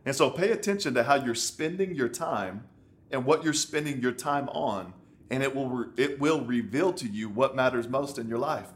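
A man's voice: mid-range voice, lively intonation, normal speed. Male pastor, 30s, conversational sermon, emphatic and repetitive. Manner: emphatic, conversational preaching with repeated words. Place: on location in a city.

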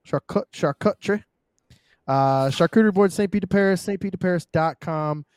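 A man's voice: a little high, dry recording, studio quality. A man co-hosting a podcast, talking casually and swearing a lot as he jokes and reads sponsor plugs. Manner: profane, joking, animated. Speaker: podcast co-host.

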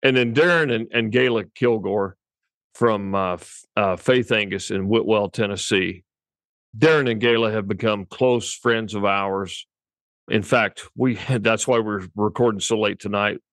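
A man's voice: lowish voice, a little slow, fairly bright tone, no room sound. A man co-hosting a cattle-breeding podcast, telling a rambling story in casual chat and chuckling often.

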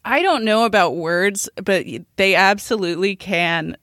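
A woman's voice: mid-range voice, unhurried, fairly bright tone, no echo, clean studio sound. A woman co-hosting a podcast in casual chat, playful and laughing often. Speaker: podcast co-host.

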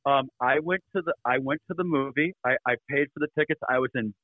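A man's voice: quick pace, no echo. Upbeat man on a phone-like line. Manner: energetic, upbeat storyteller with sudden pitch jumps. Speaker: guest. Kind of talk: casual storytelling. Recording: dry phone-like call audio.

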